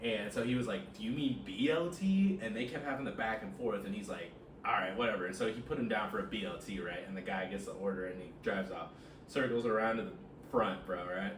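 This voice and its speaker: A man who manages a sandwich shop, telling stories in an animated, swearing way, saying bro a lot. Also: lowish voice, fast talker. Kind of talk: casual podcast chat, storytelling. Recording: roomy, far from the mic, noisy.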